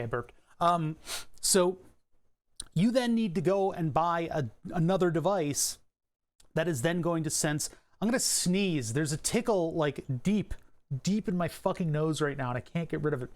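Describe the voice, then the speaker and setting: A man live-streaming from his desk, casually explaining electronics in a rambling, profane way. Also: fairly high pitch. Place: desk at home.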